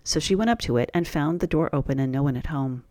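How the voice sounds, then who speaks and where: A man's voice: on the high side, fast talker, dry recording. Man reading a fairy tale aloud. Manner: steady, plain storybook reading. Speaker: storyteller.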